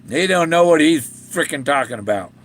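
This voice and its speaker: A slightly high, bright-toned older man talks at a moderate pace and with animation. The treasure-hunt author and vlogger rambles along casually, chuckling and starting sentences over.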